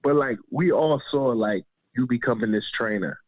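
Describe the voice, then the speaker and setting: A man hosting a boxing podcast talks casually and excitably, slangy and tacking "man" onto his sentences. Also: medium pitch, normal speed, dry recording. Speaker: podcast host. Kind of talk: casual interview talk. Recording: tinny phone-like line, dry.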